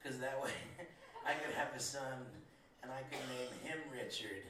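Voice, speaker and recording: A man's voice: medium pitch, normal speed, far from the mic, noisy background. A man doing a stand-up set, laid-back and rambling, laughing at his own jokes. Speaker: stand-up comedian. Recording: echoey room recorded from afar with a crowd.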